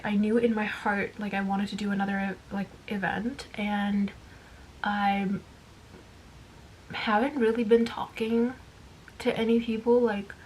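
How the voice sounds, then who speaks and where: A woman chatting candidly into the camera as a vlogger, rambling from one thought to the next with plenty of "like" and "um." Her voice sits at an ordinary middle pitch. Faint background noise hums under her voice. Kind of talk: casual chat.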